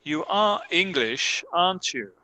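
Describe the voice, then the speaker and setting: A man teaching an online English grammar lesson, reading example sentences deliberately and correcting himself aloud as he goes. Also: fairly high pitch, lively intonation, sharp tone, no room sound, rough recording.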